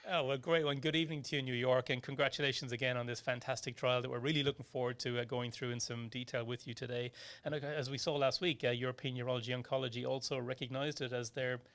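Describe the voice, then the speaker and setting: A man with an Irish accent hosting a medical podcast in casual chat, pausing often with fillers. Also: medium pitch, little pitch movement, fairly bright tone. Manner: hesitant, many fillers. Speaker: podcast host. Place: Melbourne studio.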